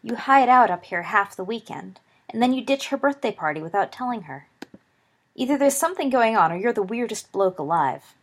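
A woman's voice: on the high side, animated, a little fast, voice pushed up. A woman voicing a brash, cocky teenage schoolboy who talks in a blunt, teasing way, reading a story aloud.

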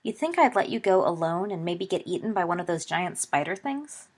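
A woman voicing a loyal, joking teenage schoolboy with a lively, teasing way of talking and a husky voice. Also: lowish voice, a little fast. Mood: playful.

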